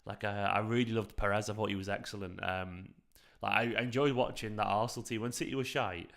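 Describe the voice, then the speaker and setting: A man in his thirties hosting a late-night live stream from home into a microphone, talking in a hushed, half-whispered way, with a raspy voice. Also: on the low side, steady tone, fairly quick. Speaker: fan channel host streaming a match watchalong. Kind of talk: casual live chat with viewers.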